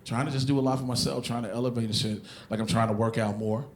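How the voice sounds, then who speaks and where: A man performing a stand-up comedy routine on stage, telling animated, profane stories and bursting into shouted impressions. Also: medium pitch, fast talker, slight background noise. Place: comedy stage before a live audience.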